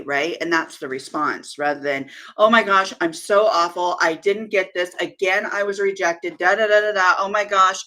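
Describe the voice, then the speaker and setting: Woman, podcast co-host, lowish pitch, emphatic, coaching tone. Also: sharp tone. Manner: emphatic, coaching tone, repeats key phrases. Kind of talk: casual conversational discussion.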